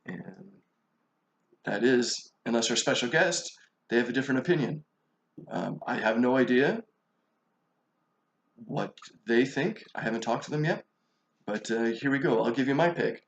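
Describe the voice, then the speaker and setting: A man hosts his own channel and announces his album pick, talking loosely with plenty of fillers. His voice sits at a middle pitch. The room around him is echoey. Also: measured pace, creaky, pauses often. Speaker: channel host. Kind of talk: casual vlog commentary.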